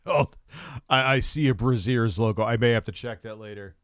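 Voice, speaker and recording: A man's voice: mid-range voice, normal speed, smooth, no room sound, clean studio sound. A man hosting a live stream, reacting to a video with crude, joking asides. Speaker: stream host.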